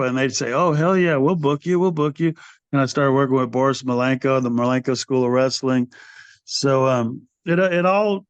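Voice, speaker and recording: An older man in his sixties tells stories on a podcast, lively and loose, slipping into the voices of the people he quotes. His voice sits at an everyday pitch. The recording is dry and a little dull, with no room sound. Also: smooth, no room sound. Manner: animated storyteller who acts out quoted people, calls the host brother. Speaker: interview guest, metal singer. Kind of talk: casual storytelling interview.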